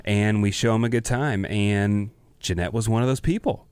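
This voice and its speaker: A man co-hosting a parenting podcast, a father chatting in a relaxed, storytelling way. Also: lowish voice, moderate pace, clear, resonant tone, dry recording. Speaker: podcast co-host. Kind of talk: casual chat.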